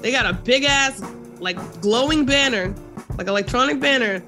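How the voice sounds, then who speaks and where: A man co-hosting a podcast, joking and animated in casual slangy chat. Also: extremely high pitch, moderate pace, faint music behind. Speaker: podcast co-host.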